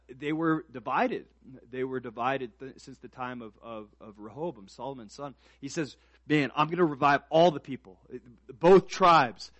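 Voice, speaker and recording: A man preaching a sermon to a congregation, swinging from quiet reflective lines to loud emphatic peaks, with casual asides and fillers. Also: medium pitch, no room sound. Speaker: pastor.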